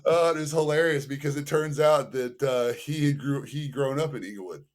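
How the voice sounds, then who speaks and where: A man from the Los Angeles area, a podcast guest telling stories in a casual, animated way, acting out quoted dialogue and using lots of fillers. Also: mid-range voice, moderate pace. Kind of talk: casual storytelling.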